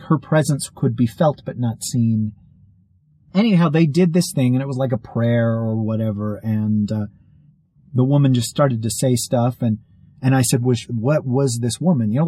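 A man's voice: mid-range voice, warm tone, slightly rough, dry recording, poor audio. A man telling a long story in casual, rambling speech, full of fillers and restarts.

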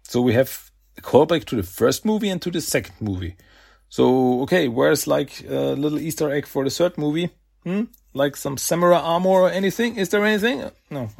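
A man hosting a podcast, casually recapping a comic in a chatty, animated way and slipping into character voices. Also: fairly high pitch, vocal fry, slightly rough. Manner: chatty, animated retelling with laughs and voiced asides. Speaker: podcast host.

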